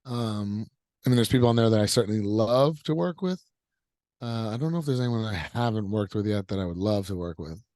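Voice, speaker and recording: A man's voice: on the low side, expressive, fairly quick, darkish tone, no room sound, studio quality. A man in his thirties, a wrestler answering interview questions in an upbeat, easygoing way, rambling a little with fillers. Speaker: professional wrestler guest.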